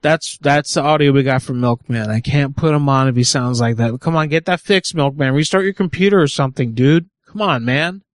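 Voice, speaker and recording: A man hosting a live prank call show, brash and mocking, with loud outbursts and swearing. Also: medium pitch, a little fast, hardly any pauses, no room sound.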